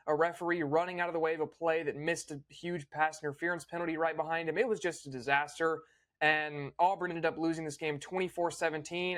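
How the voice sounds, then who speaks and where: A young man hosting a casual recap, opinionated and fluent, with quick small restarts. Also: on the high side. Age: young adult. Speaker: host.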